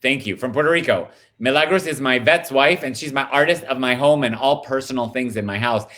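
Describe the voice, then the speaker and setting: A man talking as a guest in a casual video-call chat, animated and rambling in his storytelling. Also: medium pitch, brisk.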